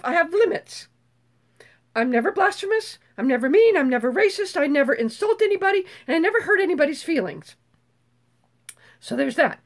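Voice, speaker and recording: An older woman chatting casually as a channel host, with a high voice that swings widely up and down. She is bubbly, swears freely and breaks into screeches when excited. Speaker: YouTube host. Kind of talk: casual live chat.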